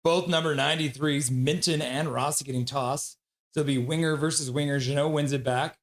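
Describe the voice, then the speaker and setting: Male streamer, slightly high voice, casual hockey play-by-play, bursts into excited shouts reading chat. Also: fairly quick. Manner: reads chat messages aloud with excited shouts. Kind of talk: casual live-stream commentary.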